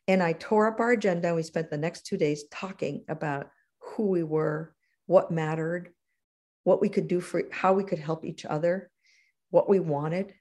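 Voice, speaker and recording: A middle-aged woman, a guest in an interview, telling stories from her career in an animated conversational way. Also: moderate pace. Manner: animated, acts out quotes with big pitch jumps. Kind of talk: conversational storytelling.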